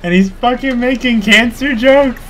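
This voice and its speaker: A man's voice: extremely high pitch, normal speed, fairly bright tone. A man streaming a game live, chatting casually, joking, swearing and laughing often.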